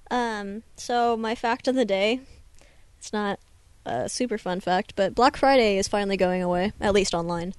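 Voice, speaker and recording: A woman's voice: mid-range voice, moderate pace, clear, resonant tone, no room sound. A young woman co-hosting a podcast, chatting casually, hesitant and full of fillers, laughing often. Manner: giggly, hesitant, many fillers. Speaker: podcast co-host. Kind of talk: casual chat.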